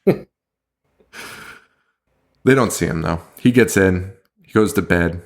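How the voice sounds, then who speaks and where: A man's voice: low-pitched, takes it slowly. A man co-hosting a podcast, chatting casually and swearing a lot as he recaps a movie's plot with acted-out quotes. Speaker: podcast co-host.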